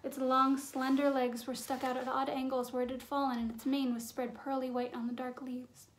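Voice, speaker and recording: High-voiced woman reading a fantasy story. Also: flat delivery, slight background noise. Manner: measured, suspenseful storytelling. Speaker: audiobook narrator.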